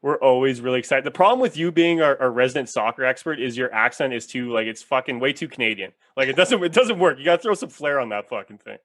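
A man's voice: medium pitch, expressive, quick pace, few pauses, a bit bright. A man hosting a casual podcast, joking around, swearing freely and laughing often. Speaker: podcast host.

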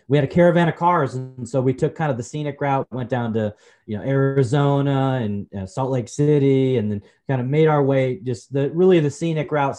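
A man in his forties, a podcast guest, telling personal stories in a relaxed, chatty way, often saying "you know" and calling the host brother. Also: medium pitch. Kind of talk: personal storytelling in a conversation.

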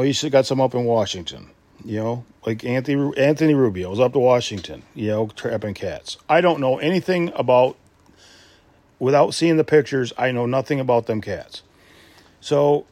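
A man talking loosely on his own podcast, doubling back and restarting his sentences as he goes. His voice sits at an ordinary middle pitch and is recorded very dry, close to the microphone. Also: a little mellow, no room sound. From Michigan. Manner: rambling, with many restarts and filler asides. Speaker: podcast host. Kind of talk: casual solo podcast talk.

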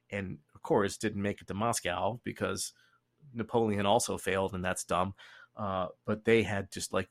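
A man with a Texan accent, hosting a podcast and telling history in a casual, profane way, laughing often and doing quick voices. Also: fairly low pitch, no echo, clean studio sound. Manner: profane, laughing, animated storytelling. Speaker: podcast host.

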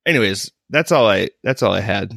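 A man's voice: lowish voice, animated, brisk, gravelly, fairly bright tone, no echo, clean studio sound. A man co-hosting a podcast in casual chat, joking and laughing often. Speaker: podcast co-host.

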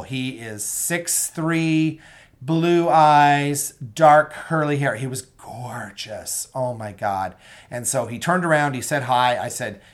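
A young man hosting a solo podcast, chatting casually and enthusiastically with many ums and asides to his listeners. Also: medium pitch. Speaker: podcast host.

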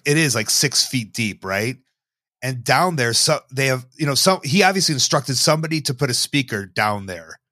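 A man's voice: medium pitch, pushed and bright, no echo. A man from Illinois talks as a podcast guest, rambling and reflective with a wry edge. His voice sits in a middle register. It is recorded close and dry, with no room sound. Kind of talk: casual podcast chat.

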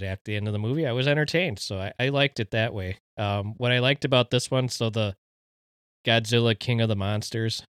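A man's voice: fairly low pitch, clean tone, dry recording, studio quality. A man from Minnesota co-hosting a podcast, chatting casually about movies and laughing often. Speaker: podcast co-host. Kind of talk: casual chat.

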